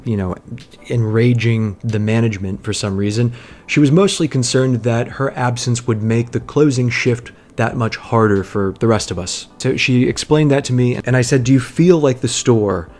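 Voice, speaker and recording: A young man narrates his own personal essay at an even, mid-range pitch. He sounds reflective and earnest, stumbling over a word now and then. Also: moderate pace. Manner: reflective, earnest, with small restarts.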